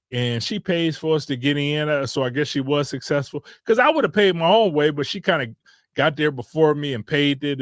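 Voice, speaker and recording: A man's voice: fairly high pitch, no echo, studio quality. A man from Detroit, hosting a podcast, telling a road trip story in a loose, rambling way and correcting himself often. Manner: laid-back, rambling, with frequent self-corrections. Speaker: podcast host. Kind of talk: casual storytelling.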